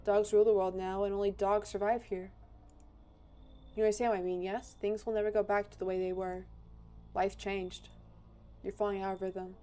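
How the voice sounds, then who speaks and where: A woman voicing a calm, menacing otherworldly visitor in a game, speaking in a slow, taunting, philosophical way. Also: mid-range voice, lightly acted. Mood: taunting, eerie.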